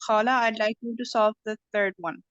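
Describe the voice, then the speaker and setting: Woman English teacher, online class, calm and explanatory, muffled dry audio. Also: fairly high pitch, brisk, dry recording. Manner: patient, explanatory, frequent "okay" checks.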